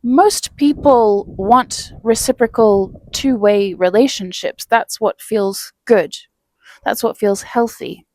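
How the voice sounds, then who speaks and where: A woman's voice: mid-range voice, slow, darkish tone. A woman vlogger telling a personal story in a casual, chatty way, laughing between phrases. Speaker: self-help vlogger.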